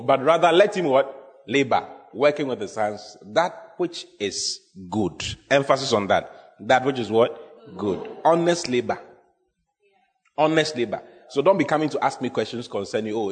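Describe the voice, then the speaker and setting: A pastor preaching a sermon, emphatic and repetitive, often quizzing the congregation. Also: male voice, mid-range voice, animated, normal speed. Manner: emphatic, repeats key phrases, asks the congregation questions. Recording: long hall reverb.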